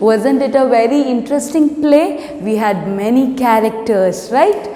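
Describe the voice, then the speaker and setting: A woman teacher with an Indian English accent giving slow, repetitive instructions in an online class. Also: a little high, animated, mellow. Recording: echoey room with long reverb.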